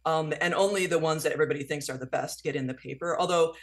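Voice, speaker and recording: A woman's voice: deep voice, quick pace. Talkative woman guest explaining at length. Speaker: author and guest. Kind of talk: radio interview answers.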